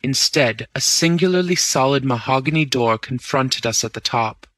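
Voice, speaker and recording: A man narrating a story in the first person, reading in a steady, measured way. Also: medium pitch, no echo. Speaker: audiobook narrator.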